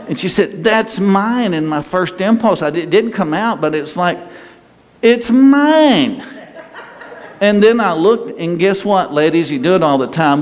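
A man preaching a conversational sermon to a congregation, folksy and joking with the people in the pews. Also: a little high. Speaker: pastor. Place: church sanctuary with congregation. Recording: long hall reverb, faint ambient noise.

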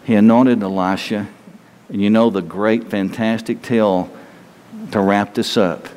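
A man preaching a sermon, telling a story and acting out its voices, now and then dropping to a hush. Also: fairly low pitch, steady tone, a little slow. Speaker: pastor. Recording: long hall reverb.

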